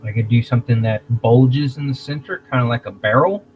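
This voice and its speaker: A man hosting a casual livestream, talking in a rambling, halting way, restarting phrases and clearing his throat. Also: medium pitch, muffled recording, a little hiss or hum. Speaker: livestream host.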